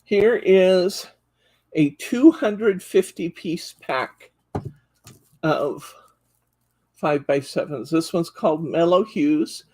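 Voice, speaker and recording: A woman with a fairly low, dark-toned voice speaks slowly, leaving long pauses. She's hosting a live show-and-tell for a craft store, gushing enthusiastically over card stock packs and counting the sheets aloud while flipping through them.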